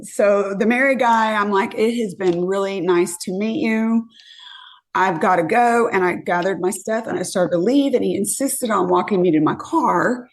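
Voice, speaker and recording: A woman's voice: mid-range voice, moderate pace. A woman in her fifties, a podcast guest, animatedly telling dating stories and acting out what people said. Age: 50s. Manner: animated, acts out quotes. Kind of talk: casual storytelling.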